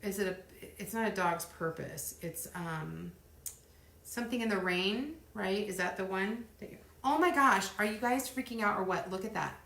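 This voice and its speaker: Chatty middle-aged woman with vocal fry. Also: mid-range voice, moderate pace. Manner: chatty and rambling, counting softly under her breath. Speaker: craft livestream host. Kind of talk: casual live chat while crafting. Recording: roomy echo.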